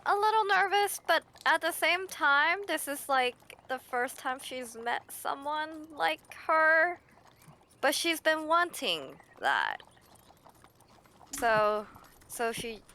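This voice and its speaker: A woman narrates her character's actions in a tabletop game, soft and hesitant. She speaks slowly, and her voice is bright and slightly high. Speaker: player. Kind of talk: in-character role-play narration.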